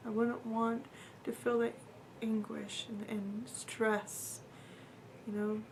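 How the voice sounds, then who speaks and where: A woman with a fairly high pitch and a darkish tone tells a personal story earnestly, her flat delivery casual and halting with fillers and repetition. Now and then her voice drops to a near whisper, against a little hiss or hum.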